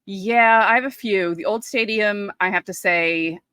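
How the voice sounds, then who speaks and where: A woman, co-hosting a podcast and chatting casually, telling lively stories and acting out quotes. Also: mid-range voice, unhurried, smooth, no echo. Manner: animated storyteller, acts out quotes. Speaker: podcast co-host. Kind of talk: casual chat.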